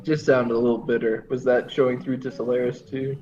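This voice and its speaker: A man's voice: medium pitch, flat delivery, brisk, a little mellow, highs cut off, faint music behind. A man playing in a tabletop game, chatting casually and joking. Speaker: player.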